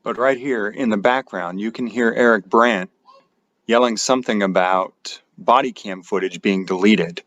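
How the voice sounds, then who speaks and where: Low-voiced man narrating calmly. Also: muffled recording. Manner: measured, explanatory. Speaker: channel narrator. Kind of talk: scripted voice-over narration.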